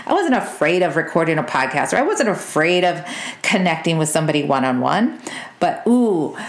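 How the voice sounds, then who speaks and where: A lower-pitched woman talks straight to her listeners as a business coach, energetic and direct. She keeps checking in with them as she goes, and her voice rings in an echoey room. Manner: energetic, direct, says "y'all" and "okay?" often. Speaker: business coach and podcast host. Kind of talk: motivational podcast talk.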